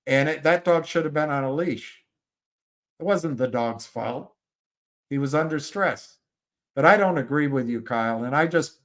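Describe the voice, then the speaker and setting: Slow, halting male streamer. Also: mid-range voice. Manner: halting, rambling, many restarts. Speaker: livestream host. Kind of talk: casual livestream chat and storytelling.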